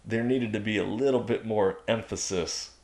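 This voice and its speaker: Man, low voice, emphatic, preachy, casual podcast guest. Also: normal speed, darkish tone.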